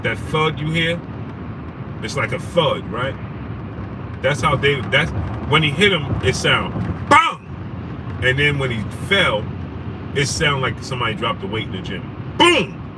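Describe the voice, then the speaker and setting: A young man, hosting a casual livestream, telling a story animatedly and shouting out viewers. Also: mid-range voice, moderate pace, long pauses. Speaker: livestream host. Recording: noisy street background.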